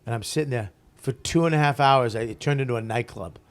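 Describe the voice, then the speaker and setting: A comedian in his forties telling a story in casual conversation, profane and animated, laughing as he goes. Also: mid-range voice, fast talker. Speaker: guest comedian.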